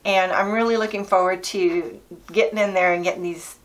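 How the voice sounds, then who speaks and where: A woman's voice: lowish voice, steady tone, moderate pace. A middle-aged woman vlogging in a casual, chatty and enthusiastic way, laughing often. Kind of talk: casual chat.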